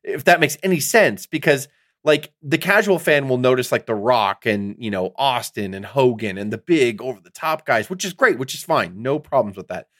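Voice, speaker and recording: A middle-aged man co-hosting a podcast in casual chat, rambling and excitable, swearing often as he talks. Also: mid-range voice, normal speed, no room sound, clean studio sound. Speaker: podcast co-host.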